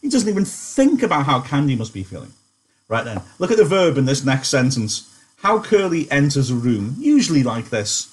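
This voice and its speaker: A man's voice: mid-range voice, very animated, moderate pace, slightly rough. A man teaching an English class online, chatty and encouraging, reading from a novel. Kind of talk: online lesson and reading aloud.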